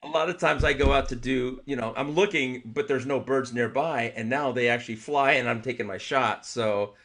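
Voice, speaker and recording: A man co-hosting a podcast, telling an animated, rambling travel story with laughs and restarts. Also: mid-range voice, normal speed. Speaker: podcast co-host. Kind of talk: casual storytelling chat.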